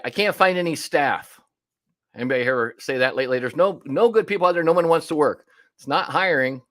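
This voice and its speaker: A man coaching restaurant owners in an online workshop, with a mid-range voice. He talks in a punchy, conversational way and slips into little back-and-forth scenes acting out client calls. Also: medium pitch.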